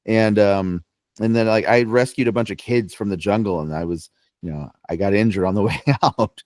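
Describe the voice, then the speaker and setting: A man's voice: on the low side, moderate pace, a little mellow, dry recording. A young man co-hosting a podcast, chatting casually and telling playful, joking stories. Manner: playful storyteller, joking and teasing. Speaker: podcast co-host. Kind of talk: casual chat.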